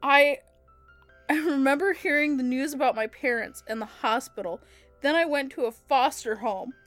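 A woman's voice: high voice, moderate pace, fairly bright tone, dry recording, faint music behind. A young woman co-hosting a comedy podcast, reading fan fiction aloud and often breaking into laughter.

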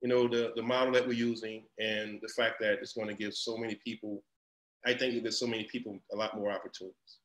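Animated man in an echoey room. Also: fairly low pitch, fast. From Louisiana. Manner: animated, repeats himself, rising into loud storytelling. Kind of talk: casual conversation. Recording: roomy echo.

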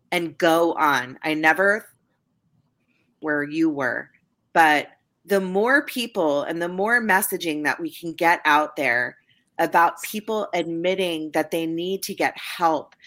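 A woman hosting a podcast interview, talking in an emotional, halting way with repeated words, near tears. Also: lowish voice, expressive, fairly bright tone. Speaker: podcast host.

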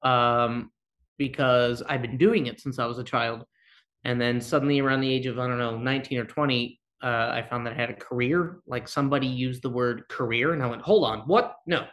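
A man's voice: medium pitch, a bit bright. A man, a guest actor talking casually in an interview, rambling and blunt. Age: 30s. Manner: rambling, self-deprecating, blunt.

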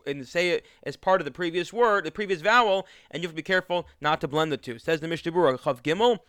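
A man's voice: fairly high pitch, a bit bright, no echo, studio quality. A man teaching a religious text, reading lines aloud and then explaining them in an easygoing way with frequent restarts. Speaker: Torah teacher. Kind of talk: text study lesson.

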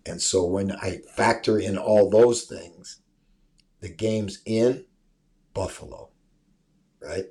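A man's voice: deep voice, fairly even intonation, slow pace, long pauses, mellow. A man hosting a sports show over a remote call, talking casually and emphatically, often tagging "right?" onto his points. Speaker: show host. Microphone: remote call mic.

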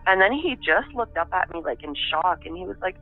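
A woman giving an interview over the phone, telling her story in a halting, reflective way. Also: on the low side, animated, faint music behind. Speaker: interviewee, daughter of the subject. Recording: narrow tinny phone line.

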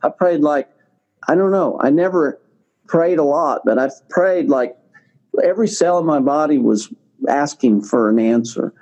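A man's voice: fairly high pitch, measured pace, darkish tone. An older man, a guest in an interview, telling a personal story in a rambling way, repeating words and using many fillers. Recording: slightly dull lo-fi recording.

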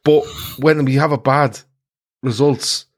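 A man's voice: medium pitch, takes it slowly. A man hosting a casual football podcast, telling stories with lots of swearing and mocking quotes. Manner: swearing, animated storytelling with mocked quotes. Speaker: podcast host.

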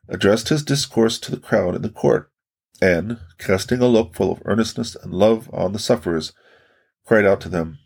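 Gravelly low-voiced male narrator. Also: a little mellow. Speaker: audiobook narrator. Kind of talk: scripted audiobook narration.

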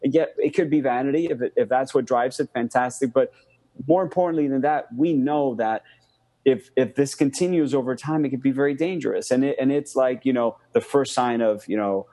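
A man telling a friend's health story in casual storytelling, animated, with many fillers and repeated words. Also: medium pitch, fairly quick.

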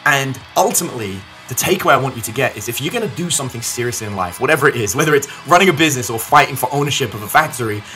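A man's voice: mid-range voice, lively intonation, rapid-fire, few pauses, bright, forceful tone, faint music behind, rough recording. A man telling a story to camera as a business coach, acting out the dialogue as he goes.

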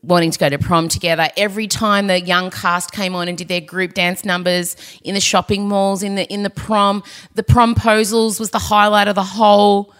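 A woman host talks through a movie in loose, opinionated podcast chat. She rants happily and restarts her sentences as her thoughts run ahead. Her pitch sits mid-range for a woman. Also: level tone, moderate pace, fairly bright tone, smooth. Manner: chatty, opinionated, ranting with restarts. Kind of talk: casual film review chat.

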